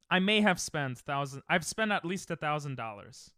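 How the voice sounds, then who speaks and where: Young man, streamer, bright crisp voice, dry close mic, rambling casual chat. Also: on the high side, big pitch swings, measured pace, no echo. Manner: rambling, self-mocking, chats to viewers. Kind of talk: casual live-stream chat while gaming.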